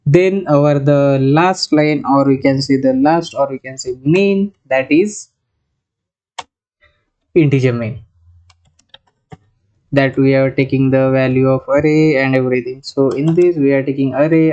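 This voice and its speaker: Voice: medium pitch, mellow. A programming tutor, thinking aloud through a coding lesson with many restarts and bits of Hindi. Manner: mixes in Hindi phrases. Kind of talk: screen-recorded coding lesson. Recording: slightly muffled, lo-fi sound.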